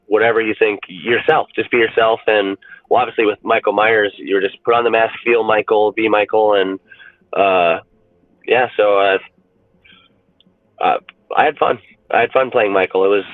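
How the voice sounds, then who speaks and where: A man chatting casually as a podcast guest, rambling and animated, swearing freely with lots of restarts. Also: lowish voice, dry recording. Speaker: podcast guest and fan-film actor. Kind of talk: casual chat. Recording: tinny phone-like line.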